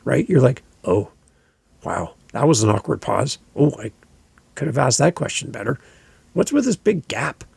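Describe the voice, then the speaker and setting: A man's voice: medium pitch, gravelly, a little mellow, husky, dry recording. A man hosting a podcast, coaching new podcasters in a casual, emphatic, conversational way while gesturing as he talks. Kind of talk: casual instructional monologue.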